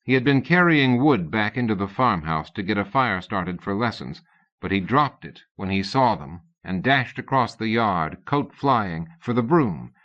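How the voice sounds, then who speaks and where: The clip captures a man reading an audiobook with an even, controlled delivery and a raised pitch for character speech. It's scripted narration heard through murky cassette audio.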